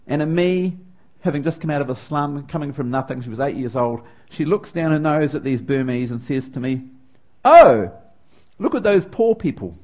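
In a slightly mellow, medium-pitched voice, a middle-aged New Zealander with a New Zealand accent delivers a sermon. He tells a personal story with growing feeling.

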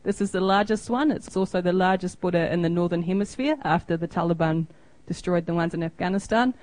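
Talking a little fast in a lowish, darkish voice, a New Zealand woman in her thirties shares an informal missionary report over photos. She pokes fun at herself and acts out small exchanges, captured on a rough recording with no echo.

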